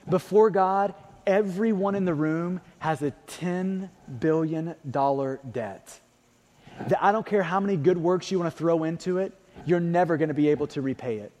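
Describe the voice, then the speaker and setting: A man preaching a sermon, emphatic, repeating key phrases and swinging between loud and hushed. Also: sits high. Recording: long hall reverb.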